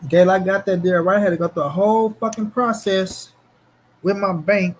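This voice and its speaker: Animated slangy man hosting a live stream. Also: high voice, moderate pace, a little hiss or hum. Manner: animated, slangy, talks back to chat. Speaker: boxing commentary channel host. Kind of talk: casual livestream chat.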